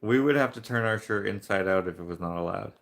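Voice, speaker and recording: A Canadian man rambles from one anecdote to the next in casual chat while painting on a live stream, chuckling as he goes. His voice is lowish and gravelly, full of vocal fry, and he talks fast.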